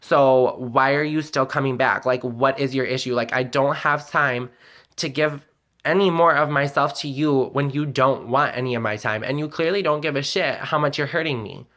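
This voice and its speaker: A man's voice: medium pitch, normal speed, a bit bright. Emotional, candid man venting on camera. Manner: candid and emotional, rambling with many "like"s and some swearing. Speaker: vlogger. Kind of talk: personal confessional vlog.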